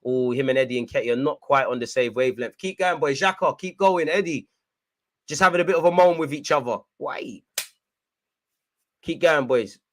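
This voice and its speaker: A young man giving live fan commentary on a football match, shouting at the referee and players and urging his team on. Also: medium pitch, normal speed. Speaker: football watchalong host.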